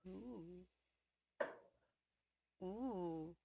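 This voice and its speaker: A woman who is a guest on an interview show, telling her stories casually and acting out the quoted voices with big jumps in pitch. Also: very slow, creaky, background noise.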